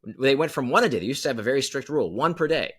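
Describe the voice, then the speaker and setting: A podcast guest with a husky, medium-pitched voice races along expressively, explaining ideas emphatically and repeating key phrases for effect, all in an animated storytelling style.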